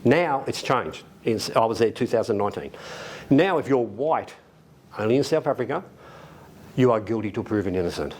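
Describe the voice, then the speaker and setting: An Australian man in middle age tells a story in a relaxed, chatty way. His voice sits in a middle register, and he livens it with quick shifts as he voices other people. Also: medium pitch. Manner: animated, acts out quoted voices, laughs often. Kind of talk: casual anecdote telling. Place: library event room.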